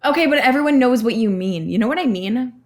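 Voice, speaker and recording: Wry young woman with a higher voice. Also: expressive, fast talker, darkish tone. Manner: wry, skeptical interjections. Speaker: podcast co-host. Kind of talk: casual chat.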